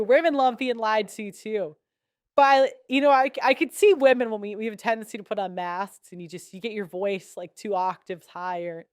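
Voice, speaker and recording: A woman's voice: a little high, clean tone, dry recording, studio quality. A young woman giving blunt, sarcastic commentary as a podcast host, laughing between points. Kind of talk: casual opinionated commentary.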